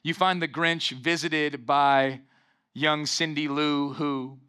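A man's voice: fairly high pitch, steady tone, takes it slowly, sharp tone, smooth. A pastor preaching a sermon, emphatic and calling out to his congregation for responses.

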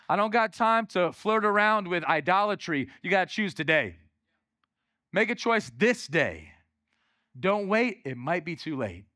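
A male pastor preaching a lively sermon in church, calling out to the congregation. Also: on the high side, no echo, studio quality. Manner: energetic, calls out to the congregation.

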